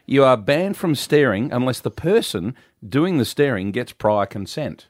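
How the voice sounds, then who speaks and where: A man's voice: medium pitch, lively intonation, unhurried, no room sound, studio quality. An older Australian man co-hosting a radio show, telling indignant, self-mocking stories in casual banter. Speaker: radio co-host.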